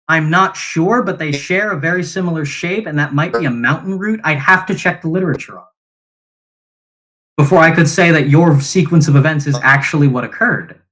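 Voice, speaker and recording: A man on a video call debating as a geology student, quick to contradict and careful to hedge where he is unsure. His voice is a bit high and very bright. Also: low-quality recording. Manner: quick rebuttals, hedging when unsure. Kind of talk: online debate argument. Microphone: video call audio.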